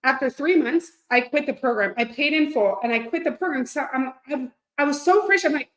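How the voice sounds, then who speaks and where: Excitable woman coach in echoey room. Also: sits high, brisk. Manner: excitable, gushing, chatty. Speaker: fitness coach. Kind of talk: live-streamed coaching talk.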